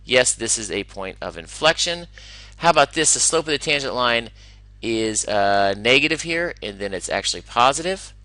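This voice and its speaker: A man teaching a recorded math lesson, enthusiastic and talking himself through each problem with quick asides. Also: medium pitch, lively intonation, sharp tone, no room sound, low-quality recording.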